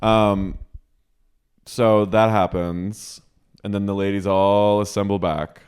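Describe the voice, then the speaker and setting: A podcast co-host with a lowish, clear, resonant voice speaks slowly as he casually recaps a reality show. He's an animated storyteller, acting out the quotes as he goes.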